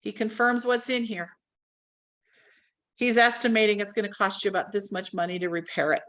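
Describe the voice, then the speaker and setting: A woman's voice: mid-range voice, level tone, normal speed, a bit bright. A woman teaching a real estate training class to a live audience, talking animatedly and acting out quoted phone calls.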